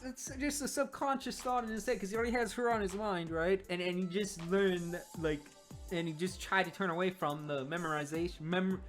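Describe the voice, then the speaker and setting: Excitable low-voiced woman reviewing a comic. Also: normal speed, soft background music. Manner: excitable, rambling, many restarts. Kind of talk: casual reaction commentary.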